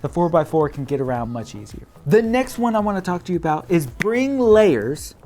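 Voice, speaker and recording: A man in his thirties with a Midwestern American accent, giving casual advice straight to camera in a playful way that often breaks into laughter. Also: big pitch swings. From Midwest, United States. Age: 30s. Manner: playful, laughing, quick swings in pitch and loudness. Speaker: realtor vlogger.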